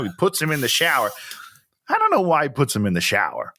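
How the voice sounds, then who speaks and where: Male co-host, casual film-review chat, animated delivery with bright, lively tone. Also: medium pitch. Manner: animated, laughs often, acts out scenes in quick quoted voices. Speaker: podcast co-host.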